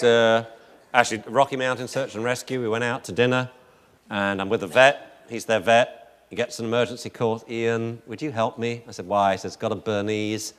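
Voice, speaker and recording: A man teaching a class on dog behavior, telling rambling stories and joking with the room. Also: fairly low pitch. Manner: jokey, rambling storyteller, laughs often. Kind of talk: lecture with anecdotes.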